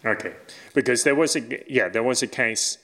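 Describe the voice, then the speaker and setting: A man's voice: medium pitch, normal speed, bright, forceful tone. A man co-hosting a casual podcast chat, telling stories and laughing often. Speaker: podcast co-host.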